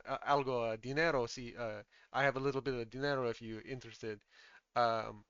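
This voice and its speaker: A man's voice: medium pitch, sharp tone, clean tone, no room sound, highs cut off, natural voice. A man voicing a proud, hot-tempered male restaurant chef who drops Spanish words into his talk.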